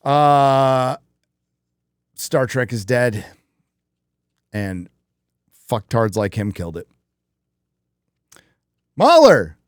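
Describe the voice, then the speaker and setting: A man's voice: medium pitch, extremely slow, long pauses, clear, resonant tone, no echo. A man hosting a casual live stream, talking bluntly with frequent swearing. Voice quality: profane, blunt. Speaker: livestream host.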